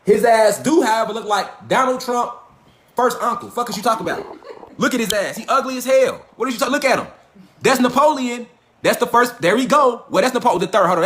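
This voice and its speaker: Man, high and quick; emphatic, profane livestream lecturer. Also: fairly bright tone. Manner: profane, emphatic, repeats rhetorical questions. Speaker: online lecturer. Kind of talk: animated livestream rant. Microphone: phone or webcam.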